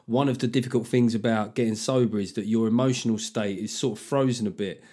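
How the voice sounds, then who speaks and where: Male podcast host, halting. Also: on the low side, steady tone, darkish tone. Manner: halting restarts, laughs easily. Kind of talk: casual interview chat.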